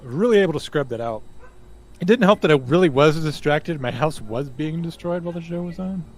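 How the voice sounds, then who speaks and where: A man's voice: a little high, lively intonation, a little fast. Tired man hosting a casual livestream. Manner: rambling, self-deprecating, chatty asides. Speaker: host. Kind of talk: casual livestream chat, reading viewer comments. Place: home office.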